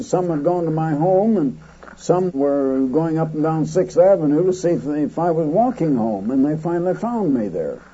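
Husky-voiced preacher telling a story. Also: male voice, muffled recording. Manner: rambling anecdotal telling with fillers; bursts loud and high when quoting shouts. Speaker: radio preacher. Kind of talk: storytelling sermon.

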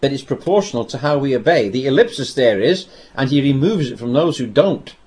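Animated male preacher, lively pitch. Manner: animated storytelling with dramatic pauses and repetition. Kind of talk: sermon.

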